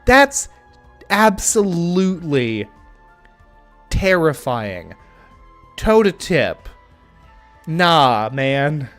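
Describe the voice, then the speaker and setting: A man's voice: a little high, big pitch swings, drawn-out words, long pauses, a bit bright, soft background music. A young man casually commenting on his game during a live stream, thinking aloud with frequent ums and restarts.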